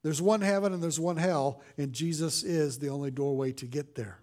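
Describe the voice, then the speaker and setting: High-voiced man preaching casually. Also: moderate pace, a little mellow. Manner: conversational preaching with frequent fillers and dramatic quoted lines. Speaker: pastor. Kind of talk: sermon.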